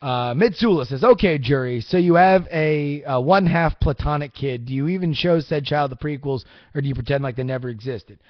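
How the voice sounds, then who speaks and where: A young man with a slightly high voice hosts a casual live podcast, answering the chat. He rambles and swears as he works himself into excited rants. The audio is dry and close, with a dull lo-fi tone. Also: fairly quick, few pauses, no room sound. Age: young adult. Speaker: podcast host.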